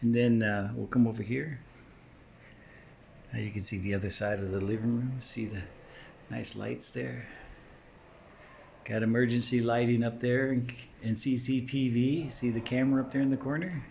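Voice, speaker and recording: A man with a gravelly, low-edged voice talks through a home tour in a relaxed, easygoing way, pointing out features as he moves from room to room. He is recorded on a handheld camera mic inside the house, with a faint hiss in the background. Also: moderate pace, long pauses. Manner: relaxed, pointing things out as he walks. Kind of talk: casual walkthrough narration.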